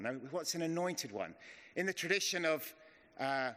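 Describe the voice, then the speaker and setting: A man's voice: on the high side, big pitch swings. A man, middle-aged, giving an informal, chatty and self-deprecating sermon as a preacher. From England. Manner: chatty and self-deprecating, slows to a hush in prayer. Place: church hall. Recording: long reverb of a church hall.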